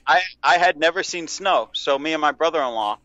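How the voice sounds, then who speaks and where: A man with a bright, lively voice spins a crude anecdote on a casual podcast, swearing freely and laughing as he goes. His pitch rises and falls a lot, and the sound is dry and close. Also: brisk, no echo, lo-fi sound. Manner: profane, laughing storyteller. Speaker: podcast co-host. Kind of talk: casual storytelling chat.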